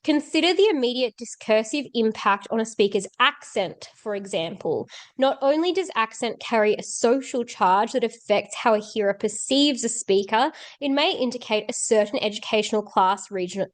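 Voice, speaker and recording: A woman's voice: on the high side, lively intonation, normal speed. A woman, a philosophy teacher reading a text aloud and explaining it, thinking aloud as she goes. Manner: thinks aloud with fillers and restarts.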